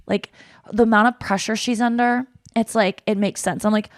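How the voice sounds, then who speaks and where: Animated woman podcast host, dry sound. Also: a little high, a little fast, dry recording. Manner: animated, self-deprecating, swears freely. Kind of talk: casual chat.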